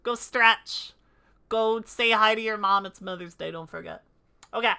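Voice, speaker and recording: A woman livestreaming a game, chatting casually and excitably with her viewers. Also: medium pitch, a little slow, creaky, clear, resonant tone. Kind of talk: casual live-stream chat while gaming.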